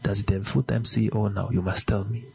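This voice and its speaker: A man hosting a business segment, asking listeners rhetorical questions with many fillers and a raspy voice. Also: on the low side, steady tone, a little fast, darkish tone, a little hiss or hum, rough recording. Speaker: business radio host. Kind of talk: commentary to listeners.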